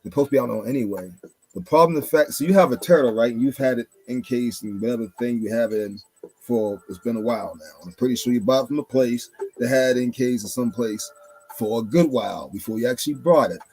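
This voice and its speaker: Blunt husky man, swearing monologue. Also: mid-range voice, fast, a little mellow, dry recording, faint music behind. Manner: emphatic and blunt, swears, repeats for stress. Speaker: commentary show host. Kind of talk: casual monologue.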